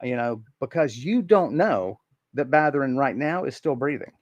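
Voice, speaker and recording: A man's voice: medium pitch, animated, moderate pace, darkish tone, no echo. A man narrating a tabletop role-playing game as game master, hesitant and full of ums and restarts.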